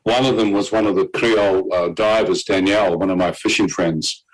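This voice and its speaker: A man with a lowish voice tells his story of nearly dying. He gets animated, slips into other people's voices for their lines, and chuckles at his own bad luck. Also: moderate pace, rough recording. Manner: animated storyteller, quotes others in character, laughs at himself. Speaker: guest telling his testimony. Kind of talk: personal testimony storytelling.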